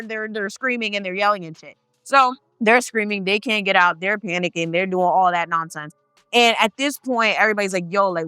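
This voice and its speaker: A woman's voice: on the low side, sharp tone, clear, resonant tone, no echo, clean studio sound. A woman telling a paranormal story in a casual, chatty way, swearing freely and talking straight to her viewers. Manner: chatty, profane, addresses the viewers directly.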